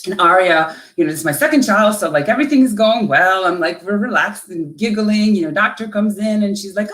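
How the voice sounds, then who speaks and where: A woman from Lithuania, a coach, telling a personal story in an interview with an emotional, halting delivery full of restarts. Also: mid-range voice, expressive, echoey room. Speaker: guest, coach.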